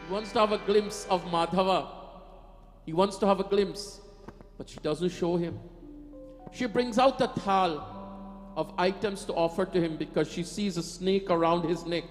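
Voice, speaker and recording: In a large temple hall, a katha preacher with a fairly high voice delivers an emphatic devotional sermon at normal speed. Between spoken passages he breaks into sung devotional lines, and faint music plays behind him.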